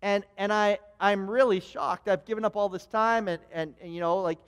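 A man preaching a sermon, telling a personal story in an animated way, with frequent restarts and stammered repeats. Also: high-pitched, moderate pace, clear, resonant tone. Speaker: pastor. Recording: long hall reverb.

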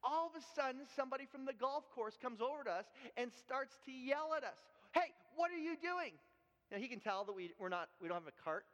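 A man's voice: very high voice, fast talker, hardly any pauses, fairly bright tone. A man from Canada preaching a sermon, telling a personal story in an earnest way and often repeating and restarting words. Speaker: pastor. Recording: echoey hall, dull lo-fi sound.

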